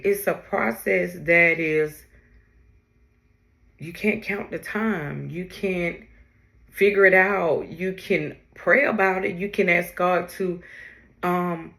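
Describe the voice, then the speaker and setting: A grieving woman hosting her own podcast, talking in a halting, heartfelt way with many pauses and restarts. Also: lowish voice, creaky, fairly bright tone. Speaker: podcast host. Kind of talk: personal podcast monologue.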